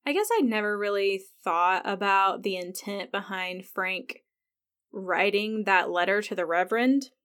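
A woman's voice: medium pitch, a little slow, a bit bright. A woman hosting a podcast who talks casually about a TV episode, using "like" a lot and retelling scenes with feeling. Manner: chatty, says "like" often, retells scenes with feeling. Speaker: podcast host. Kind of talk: casual TV recap commentary.

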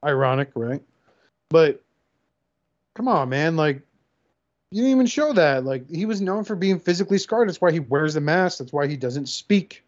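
Podcast co-host, male, higher voice, animated and profane, dull lo-fi recording. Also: normal speed, pauses often. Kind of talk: casual chat, riffing a comic pitch. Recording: dull lo-fi sound.

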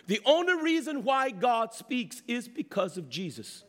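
A man preaching a sermon, animated, with rhetorical questions and repeated phrases. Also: extremely high pitch, normal speed, few pauses. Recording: long reverb of a large hall.

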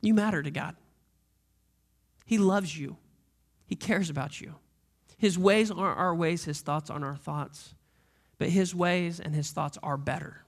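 Earnest gravelly-voiced pastor preaching. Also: male voice, a little high, a little slow. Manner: earnest, direct appeals to the listeners. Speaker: lead pastor. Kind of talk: sermon.

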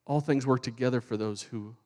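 A preacher in a long-echoing hall voicing God as a calm, soft, reassuring male figure. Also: mid-range voice, fairly quick, voice pushed down, close to an everyday voice. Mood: assuring.

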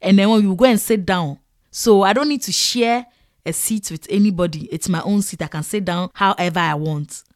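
A woman from Ghana with a Ghanaian English accent, telling animated, exclamatory stories to the camera and acting out her own past reactions. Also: medium pitch, moderate pace, no room sound, studio quality. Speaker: vlogger. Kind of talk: casual storytelling to camera.

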